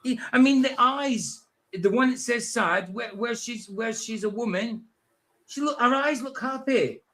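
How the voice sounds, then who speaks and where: High-voiced man in mocking banter. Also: unhurried, fairly bright tone. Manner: laughing, mocking, repeats phrases. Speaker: podcast co-host. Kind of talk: casual reaction commentary.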